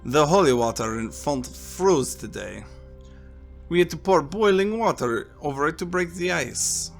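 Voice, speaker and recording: A man voicing a calm priest with a French accent, speaking warmly and slowly in a soft, deep voice. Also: gravelly, faint music behind. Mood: musing. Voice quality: warm and deep, soft-spoken. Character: priest, calm middle-aged man, gentle talker.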